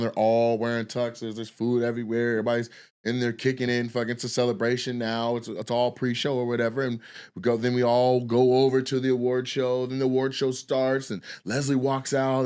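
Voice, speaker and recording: A man's voice: mid-range voice, monotone, brisk, darkish tone, smooth. Profane storytelling comedian in his forties. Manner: profane, loose and rambling, acts out the people he quotes. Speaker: comedian and podcast host. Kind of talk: casual storytelling on a podcast.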